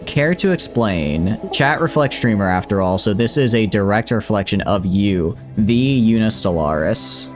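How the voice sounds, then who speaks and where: A male streamer chatting casually with a guest, teasing and playful, often restarting his sentences. His pitch moves around a lot, and faint music plays in the background. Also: expressive, a little slow, few pauses. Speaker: streamer and host.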